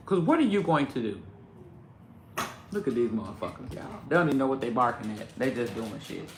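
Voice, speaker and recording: A man vlogging in casual chat at home, animated and profane, with sudden loud outbursts. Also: medium pitch, brisk, reverberant, noisy background. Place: home indoors with pets.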